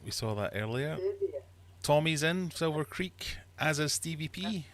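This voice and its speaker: A man's voice: fairly high pitch, animated, measured pace, fairly bright tone. A man from Scotland hosting a casual livestream, chatty and jokey as he reads out viewer comments. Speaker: livestream host.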